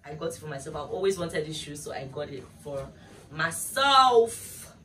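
A woman's voice: sits low, steady tone, fast talker, a little mellow. Chatty young woman, distant mic. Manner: chatty and gushing, talks straight to viewers. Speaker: vlogger. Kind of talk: casual unboxing chat to viewers. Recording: distant mic with clear room noise.

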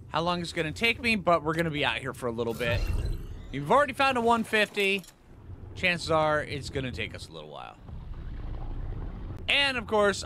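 A man giving casual commentary over his own gameplay, excitable and joking at himself, chatting to the creatures he meets. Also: on the high side, a little hiss or hum. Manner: excitable, talks to the creatures, self-mocking asides. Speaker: gaming video host.

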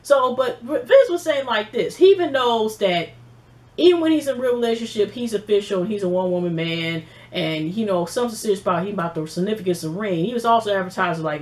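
Animated, profane woman recapping reality TV. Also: mid-range voice, fast talker. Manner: animated, profane, mimics people she quotes. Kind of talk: casual episode recap.

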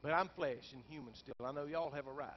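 A male pastor preaching a storytelling sermon. He talks to the congregation in folksy asides and climbs into shouted peaks. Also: a little high, fast. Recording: dull lo-fi sound with faint background noise.

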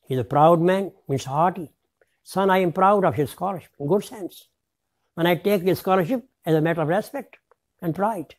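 A man's voice: high-pitched, normal speed. A man giving a lecture to teachers, stressing words and spelling them out letter by letter. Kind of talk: classroom lecture.

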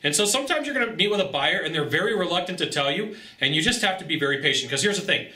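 A man coaching on sales in an animated, joking way, often jumping into high, acted-out voices. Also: very fast, echoey room. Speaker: sales trainer. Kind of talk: energetic motivational sales coaching monologue.

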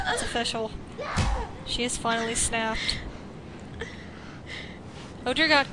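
A woman's voice: a little high, slow pace, very noisy. A woman hosting a let's play, giving casual commentary and exclaiming at the game. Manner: animated, exclaims and scolds the game. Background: game music.

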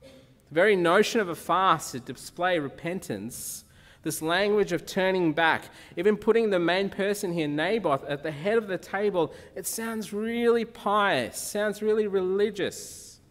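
A man preaches a sermon in a chatty, conversational way, often turning questions back to his listeners. His voice sits a little high. The church's long reverb trails after his words. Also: unhurried, a bit bright. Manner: conversational, asks the congregation questions.

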